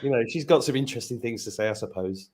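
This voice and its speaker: A man's voice: mid-range voice, fast talker, breathy edge. A man hosting a casual live-streamed chat, joking and playful with his guests over a video call. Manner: playful, jokey, animated. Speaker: host.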